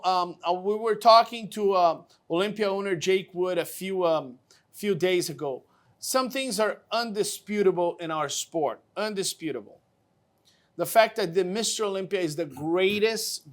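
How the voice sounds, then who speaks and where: A man's voice: high-pitched, moderate pace. A man hosting a casual interview show, talking with enthusiasm and repeating words for emphasis. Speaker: show host.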